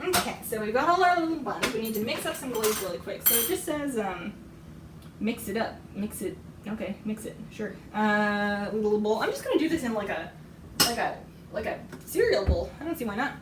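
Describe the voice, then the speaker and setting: A woman with a hoarse voice she is losing talks through her baking in a loose, rambling way. Her voice sits a little high and comes from some way off the mic, through lo-fi tablet audio in a roomy kitchen. Pans and cutlery clink behind her. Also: sing-song, a little fast, distant mic, noisy background. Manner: chatty, rambling, laughs often. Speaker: streamer baking on a live stream. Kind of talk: casual chat while cooking. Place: home kitchen. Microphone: iPad microphone.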